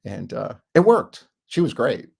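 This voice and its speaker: Gravelly, husky man rambling with chuckles. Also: mid-range voice, very animated, unhurried, darkish tone. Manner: rambling, chuckles often, many fillers. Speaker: self-help speaker. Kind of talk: casual rambling talk.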